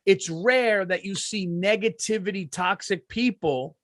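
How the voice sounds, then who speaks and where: A male podcast host in casual chat, telling animated stories and swearing freely. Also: high voice, a little slow, dry recording, clean studio sound.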